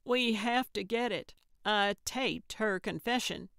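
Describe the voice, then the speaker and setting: A cantankerous old woman sleuth who says exactly what she thinks, grumbling and blunt, as a woman narrator puts her on. The voice is clear and unhurried, recorded close and dry for a storybook. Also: mid-range voice, a bit bright, no room sound.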